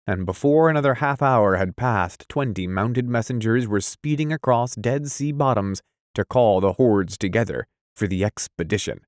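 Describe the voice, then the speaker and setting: A man's voice: on the low side, darkish tone, dry recording, clean studio sound. A man reading a classic adventure novel aloud as an audiobook, telling it steadily in the first person. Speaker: audiobook reader. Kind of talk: scripted storybook narration.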